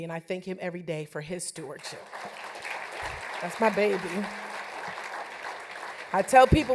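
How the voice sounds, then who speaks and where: A woman in her forties gives an acceptance speech at a banquet, warm and often laughing. Her pitch swings widely as she speaks. Faint murmurs from the crowd carry through the hall. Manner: warm, laughing, tearful toward the end. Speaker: award honoree giving acceptance speech. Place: banquet hall with live audience.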